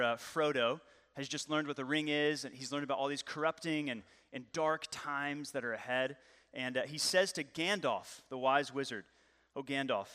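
A man in his thirties, a pastor preaching a lively, joking, conversational sermon. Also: mid-range voice, clear, resonant tone. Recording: long hall reverb.

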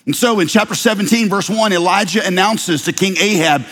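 A man preaching a sermon, telling a story with lively, playful asides. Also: sits high, fairly quick, big-room sound. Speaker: pastor.

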